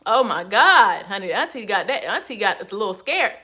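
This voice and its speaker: With a sharp tone and a sing-song, mid-range voice, a woman hosts a casual phone livestream at a slightly fast clip. She reads comments aloud and responds sassily, addressing everyone as honey.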